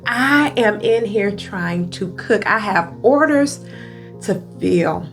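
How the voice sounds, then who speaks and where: A woman's voice: mid-range voice, expressive, slow. A woman voicing her busy, loving mother as she bakes at home, raising her voice to sound flustered. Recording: guitar music playing behind.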